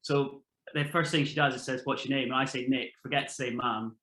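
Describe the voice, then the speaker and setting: A man's voice: mid-range voice, fairly even intonation, a little fast, a bit bright, echoey room, low-quality recording. A man, a podcast guest, chatting casually and telling anecdotes, swearing now and then. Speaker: podcast guest, former reality show contestant. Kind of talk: casual storytelling chat.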